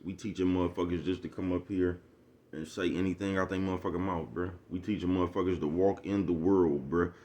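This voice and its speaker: A man's voice: low-pitched, fairly even intonation, brisk, warm tone, slight background noise. A man ranting casually to his viewers in street slang, profane and preachy, forever asking if they know what he's talking about. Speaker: vlogger. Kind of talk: casual rant to the camera.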